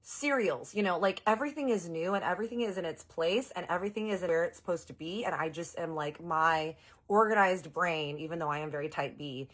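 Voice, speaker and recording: Low-voiced chatty woman telling a story. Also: fairly quick. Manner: animated, chatty, addresses audience directly; jumps into high exaggerated quoted voices. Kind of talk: casual storytime monologue.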